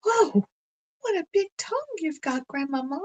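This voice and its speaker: A woman's voice: fairly high pitch, very animated, a little slow, darkish tone, husky, pitched above the performer's own voice, exaggerated voice. A woman voicing a sweet, innocent little girl in a red hood, with an eager, sing-song manner. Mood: alarmed.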